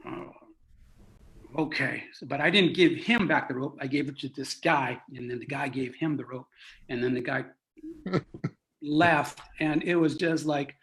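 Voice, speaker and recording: A man, a clown, telling a lively anecdote in a conversation, laughing and restarting as he goes. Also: a little high, normal speed. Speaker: clown and co-founder guest. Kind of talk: animated storytelling.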